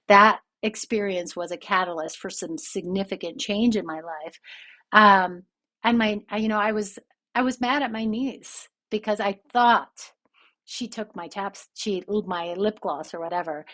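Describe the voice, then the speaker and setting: A woman's voice: medium pitch, bright, forceful tone. A woman who hosts a podcast and works as a relationship coach, telling a personal story in a candid, reflective and self-critical way.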